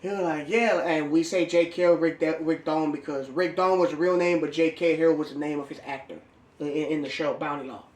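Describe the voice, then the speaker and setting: A man's voice: fairly high pitch, steady tone, brisk, darkish tone, reverberant. A man co-hosting a casual movie chat, chiming in and quoting scenes. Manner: chimes in, quotes scenes. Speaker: podcast co-host.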